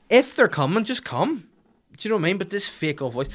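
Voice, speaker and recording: A man's voice: on the high side, animated, fairly quick. A man hosting a podcast, delivering a sardonic, profane comedic rant. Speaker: podcast host.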